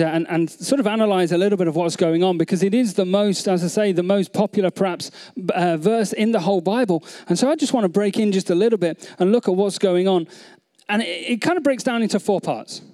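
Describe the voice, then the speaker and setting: High-voiced man preaching a sermon. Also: darkish tone. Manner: earnest, many restarts, repeats phrases, asks the audience questions. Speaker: pastor.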